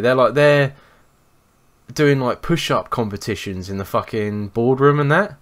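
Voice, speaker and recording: A man's voice: mid-range voice, unhurried. Sweary young man telling stories. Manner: sweary, animated anecdotes. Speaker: podcast co-host. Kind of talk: casual storytelling chat.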